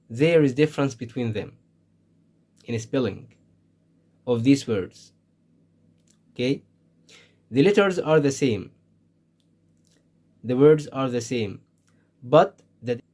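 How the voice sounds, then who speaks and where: A man with an Egyptian Arabic accent gives an English lesson at a very slow, careful pace. His voice sits at a medium pitch. He leans on single words, setting each one apart so its sound comes through. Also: darkish tone. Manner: slow, deliberate, stresses single words to model pronunciation. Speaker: English teacher. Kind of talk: slow spoken language lesson.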